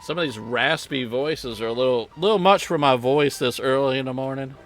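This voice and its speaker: A man streaming a game, muttering quiet, casual asides between reading lines. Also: medium pitch, a little fast.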